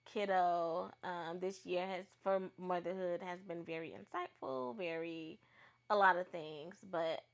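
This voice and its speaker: A young adult woman co-hosting a podcast, chatting casually and telling animated stories with bursts of laughter. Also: on the low side, measured pace. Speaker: podcast co-host. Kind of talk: casual chat.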